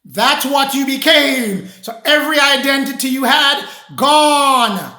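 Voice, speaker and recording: A high-pitched, bright-toned preacher who lectures slowly and deliberately. The delivery is emphatic and repetitive, with lines hammered home and sometimes shouted. The voice rings in a roomy, echoey space. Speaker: religious teacher. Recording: roomy echo.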